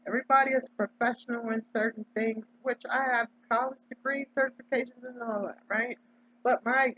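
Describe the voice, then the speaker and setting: A husky woman from Delaware holds forth in a casual, preachy monologue, pressing each point and checking in with "right?" as she goes. Her voice sits in a middle range and comes through dull, lo-fi audio. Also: fairly high pitch, fairly even intonation, normal speed, pushed and bright. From Delaware, United States. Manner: emphatic, preachy, tags lines with "right?". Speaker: vlogger.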